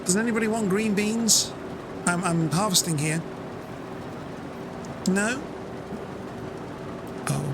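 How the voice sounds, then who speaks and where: A man's voice: takes it slowly, long pauses. A British man streaming a farming game, chatting casually and mocking himself, sometimes acting out his friends. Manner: chatty, self-mocking, acts out friends in high voices. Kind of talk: casual gameplay chat. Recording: game sounds and vehicle noise behind.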